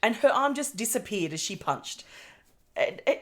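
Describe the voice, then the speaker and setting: A woman's voice: medium pitch, big pitch swings, moderate pace. A woman co-hosting a podcast, chatting casually with playful quips and banter. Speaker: podcast co-host.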